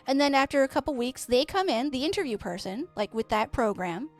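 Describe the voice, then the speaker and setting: High-voiced woman, chatty and rambling. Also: sing-song, a little fast, soft background music. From Canada. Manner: chatty, rambling, swears freely. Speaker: streamer. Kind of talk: casual storytelling while playing a game.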